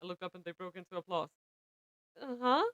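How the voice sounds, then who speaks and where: Young woman streamer reading a visual novel out loud, bright voice, dry sound. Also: fairly low pitch, very fast, clean tone, no echo, lo-fi sound. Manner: expressive narration, breaks into laughter.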